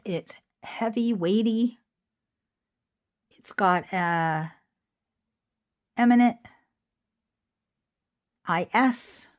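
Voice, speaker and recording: In a home room with a squeaky chair, a middle-aged online jewelry seller shows her wares and talks casually, drifting into rambling asides, in a slightly mellow mid-range voice.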